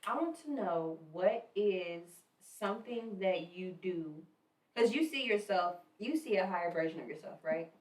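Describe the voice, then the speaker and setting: A laid-back woman hosting a podcast, with a fairly low voice. She sits back from the mic, and the room around her is echoey. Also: animated, moderate pace, distant mic. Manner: laid-back, encouraging, slangy. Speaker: podcast host. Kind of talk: casual podcast chat.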